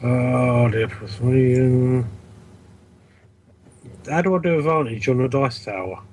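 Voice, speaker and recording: A man playing a tabletop game who chimes in with eager, quick asides. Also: medium pitch, darkish tone. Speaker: player. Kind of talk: casual tabletop play.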